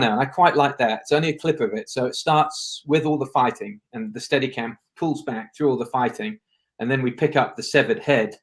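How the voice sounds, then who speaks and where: A man speaking as a film director guest in a casual interview, reflective and rambling, often restarting his sentences. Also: mid-range voice.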